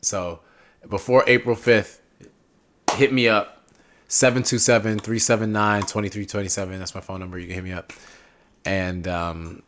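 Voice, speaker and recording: A young man chatting as a podcast guest, animated and rambling, often drifting off on tangents. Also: low voice, normal speed, slight background noise. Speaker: podcast guest, political candidate. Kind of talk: casual interview chat.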